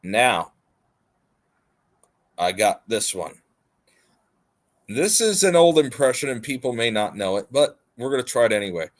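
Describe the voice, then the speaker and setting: A man's voice: medium pitch, animated, a little slow, pauses often. A man hosting a livestream in rambling, casual chat, repeating his points emphatically. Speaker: livestream host.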